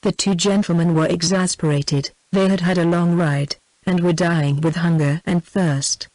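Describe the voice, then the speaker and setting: A synthetic text-to-speech female voice with a British accent, narrating a classic novel in even, unvaried pacing. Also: lowish voice, normal speed, dry recording, low-quality recording. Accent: British English.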